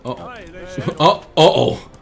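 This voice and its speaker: A man streaming a strategy game live, excitable, swearing casually and talking to his units. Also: takes it slowly. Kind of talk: live gameplay commentary. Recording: game music behind.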